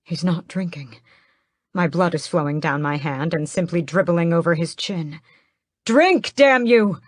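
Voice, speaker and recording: A woman narrating a first-person fantasy audiobook in a measured, steady way, close to the mic. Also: deep voice, no room sound.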